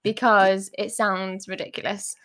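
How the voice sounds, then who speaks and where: A woman's voice: mid-range voice, little pitch movement, measured pace, sharp tone. Chatty woman co-host with lots of ums. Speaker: podcast co-host. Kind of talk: casual chat.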